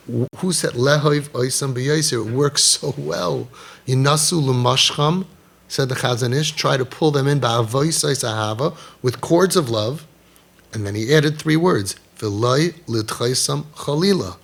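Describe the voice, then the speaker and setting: A man giving a passionate talk as a parenting crisis coach, animated and emphatic, mixing in Yiddish and Hebrew terms. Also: medium pitch, unhurried, gravelly.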